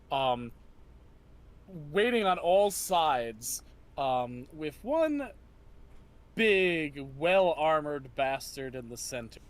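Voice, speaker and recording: Slow halting game master man. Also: a little high. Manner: halting, many fillers and restarts, laughs a lot. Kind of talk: narrating a tabletop game.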